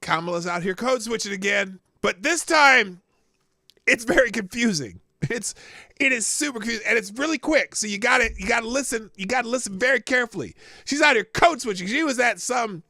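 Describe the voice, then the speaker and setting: A man's voice: high voice, vocal fry, sharp tone, no room sound, clean studio sound. A man hosting a livestream, reacting casually to clips and chat with frequent laughs. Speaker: livestream host.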